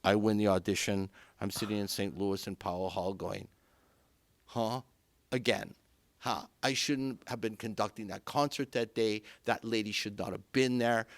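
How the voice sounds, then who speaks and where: A middle-aged man from Canada spins anecdotes with a fairly low voice, acting out the people he quotes as he goes. The sound is dry and close, with little room around it. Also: normal speed, no echo. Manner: animated, acts out quoted voices. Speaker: conductor, guest. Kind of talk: anecdotal storytelling. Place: podcast studio.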